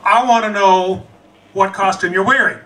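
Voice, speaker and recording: A man's voice: high-pitched, fairly even intonation, moderate pace, pushed and bright. A man voicing a bold, party-loving woman who teases bluntly, heard on a distant mic. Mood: demanding.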